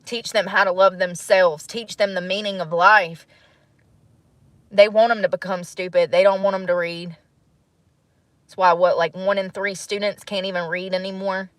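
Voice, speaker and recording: A vlogger in her thirties talks to her channel in a casual, reflective monologue, musing and animated and laughing often. Her voice is medium-pitched, and there's no room sound.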